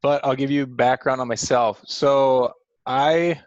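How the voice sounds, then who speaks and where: A man's voice: mid-range voice, steady tone, takes it slowly, no room sound, dull audio. A man in his late thirties from North Dakota, presenting a work webinar in a casual, rambling way with lots of fillers, still in his groggy morning voice. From Fargo, North Dakota. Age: late 30s. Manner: chatty, rambling with many fillers and restarts. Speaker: senior manager presenting a webinar. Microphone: video call.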